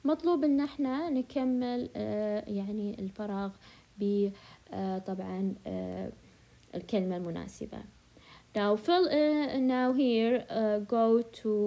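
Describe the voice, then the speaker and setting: A woman teaching an English grammar lesson, repeating phrases slowly and switching into to explain. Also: mid-range voice, warm tone, poor audio.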